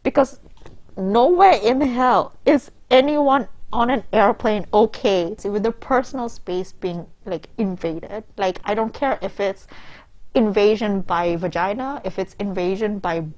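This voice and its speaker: A woman reads from a bad book and breaks off to mock it, sarcastic and exasperated. Her voice sits at a middling pitch, and her asides are loose and packed with fillers. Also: unhurried, a little mellow. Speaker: comedic book reviewer. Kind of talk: mocking reading and commentary.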